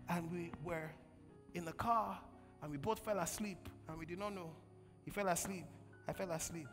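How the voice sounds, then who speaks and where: A man preaching a sermon as pastor, calling on the congregation to answer and swinging from loud bursts to quiet storytelling. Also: sits high. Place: large church hall. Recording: long church hall reverb, faint music.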